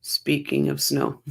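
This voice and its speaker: Slow-talking chatty Canadian woman. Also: sits low, gravelly, mellow. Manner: chatty, reads viewer comments and places aloud. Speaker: livestream host. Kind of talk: casual chat reacting to a live court stream.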